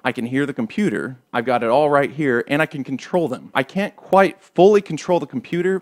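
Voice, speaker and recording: A man's voice: mid-range voice, dry recording, clean studio sound. A man hosting a casual home tech demo, explaining step by step through an XLR microphone while he adjusts knobs on his mixer. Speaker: gear demo host.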